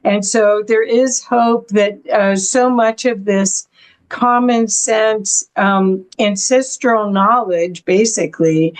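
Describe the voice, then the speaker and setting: A woman hosts an interview at a very slow, deliberate pace. Her pitch sits in the middle of the range. She talks in a measured way, pausing often on "um". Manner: measured, with frequent "um" pauses. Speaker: interview host. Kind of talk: interview talk.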